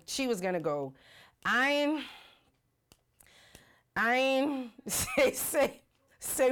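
A woman hosting a casual livestream, talking animatedly and reading out viewer comments. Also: a little high. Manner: animated, rhetorical, reads viewer comments aloud. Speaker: livestream host. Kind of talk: casual live-stream commentary.

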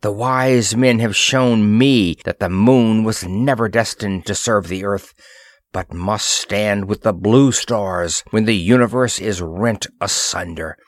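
A stern older queen, proud and fatalistic, whose speech is harsh and solemn, as a man reads her out in a storybook. Her lines ride lively rises and falls. The sound is dry and close. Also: mid-range voice, a little slow, no echo. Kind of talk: audiobook character voice.

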